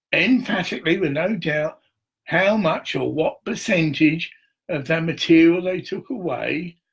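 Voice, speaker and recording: A man vents to his camera on a live stream, aggrieved and swearing freely. His voice is gravelly and husky, and it sits somewhat higher than most men's. He wanders from point to point, stopping to read viewer comments. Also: a bit bright. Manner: profane, aggrieved, restless. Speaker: livestreamer. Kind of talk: rambling live-stream monologue.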